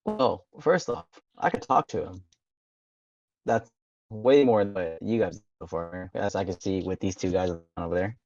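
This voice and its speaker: A man's voice: low voice, normal speed, darkish tone, dull audio. A man voicing a confident adventurer who talks to beasts, cocky and matter-of-fact.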